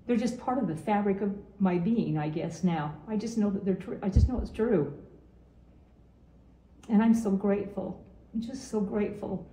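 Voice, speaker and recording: Earnest older woman, dark and roomy. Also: mid-range voice, moderate pace. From Utah. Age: 70s. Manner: earnest, repeats phrases, testifies of faith. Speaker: grandmother giving a farewell message. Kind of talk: heartfelt recorded farewell message.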